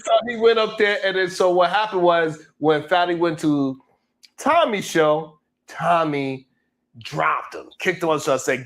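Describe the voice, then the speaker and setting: A man hosting a comedic show, recapping online drama in an animated, laughing storytelling way. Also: fairly high pitch, measured pace. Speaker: host.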